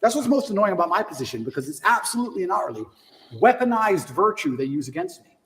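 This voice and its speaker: A man's voice: high voice, big pitch swings, fast talker, a bit bright, big-room sound, poor audio. A man speaking as a podcast guest, ranting emphatically and hammering his points through repetition. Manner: emphatic, ranting, repeats for force. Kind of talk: heated podcast interview.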